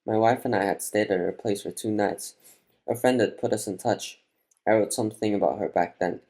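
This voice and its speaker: A man reading an audiobook aloud in a measured, reflective first-person telling. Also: fairly low pitch, mellow. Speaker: audiobook narrator. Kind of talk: audiobook narration.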